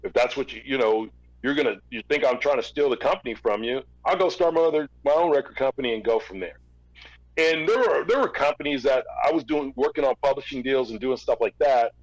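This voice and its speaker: A man's voice: mid-range voice, a little fast. A middle-aged man tells a story as a guest in a casual interview. He acts out both sides of each conversation and often repeats words as he restarts his sentences. His voice sits in a middle register and sounds dry and close, with no room echo. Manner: recounts events through quoted back-and-forth dialogue. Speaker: podcast guest, former record label executive.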